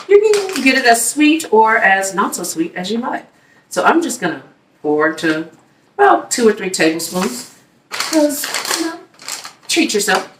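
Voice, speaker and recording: A woman's voice: mid-range voice, a bit bright, a little hiss or hum. Chatty woman in an echoey kitchen. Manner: chatty, upbeat, talks straight to viewers. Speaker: cooking video host. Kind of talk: casual cooking demo. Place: home kitchen. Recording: echoey room, mic at a distance.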